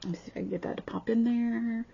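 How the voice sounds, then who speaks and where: Gravelly-voiced chatty woman crafter. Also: on the high side, steady tone, quick pace, mellow. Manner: chatty, gushing, snarky asides, frequent restarts. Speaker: cross-stitch vlogger. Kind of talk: casual show-and-tell chat. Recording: slightly dull lo-fi sound.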